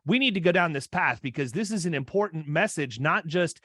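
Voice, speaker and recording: A man's voice: fairly high pitch, expressive, a little fast, pushed and bright, no echo, clean studio sound. A man in his fifties hosting a podcast interview, chatting casually and often restarting his sentences. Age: 50s. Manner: rambling, restarts mid-sentence. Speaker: podcast host.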